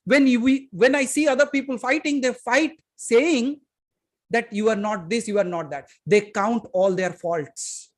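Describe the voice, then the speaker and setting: A man with an Indian English accent giving a spiritual satsang talk, emphatic, moving from loud to hushed and putting questions straight to his listeners. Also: very high voice, measured pace. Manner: addresses listeners directly with questions. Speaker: spiritual teacher. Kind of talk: satsang talk to a live audience.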